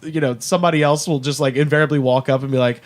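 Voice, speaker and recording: A man's voice: on the high side, steady tone, quick pace. A man co-hosting a podcast in casual chat, laid-back, asking questions and chuckling along. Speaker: podcast co-host.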